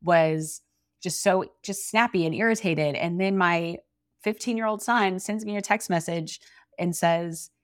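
A woman in her forties co-hosting a faith podcast, chatty and lively, acting out little quoted dialogues as she talks. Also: fairly low pitch, measured pace, no echo, studio quality. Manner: chatty, acts out quoted dialogue, many likes. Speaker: co-host. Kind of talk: faith-based podcast chat.

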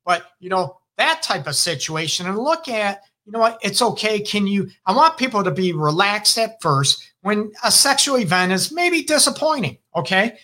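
A middle-aged man with a Detroit accent hosts a casual advice show on relationships. His voice is bright and lively, swinging up into sudden loud exclamations. He talks in an emphatic, animated way. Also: sits high, moderate pace, few pauses. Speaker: relationship counselor and show host.

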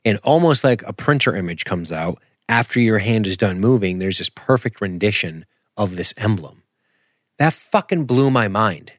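A man hosting a podcast, talking in an animated, rambling, self-deprecating way and throwing in sound effects. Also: on the low side, moderate pace, no room sound, clean studio sound. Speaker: podcast host. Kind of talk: casual podcast commentary.

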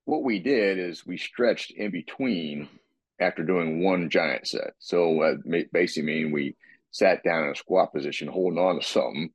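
A man with a very deep, husky voice explains his workout in casual podcast talk. He rambles and restarts, and he often clears his throat. The sound is dry and muffled. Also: normal speed, dry recording. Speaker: guest describing his workout.

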